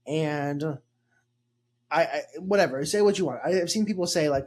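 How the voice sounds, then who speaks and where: A man's voice: a little high, lively intonation, normal speed. A young man hosting a podcast in casual chat, rambling and joking with lots of fillers. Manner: rambling, jokey, filler-heavy. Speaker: podcast host.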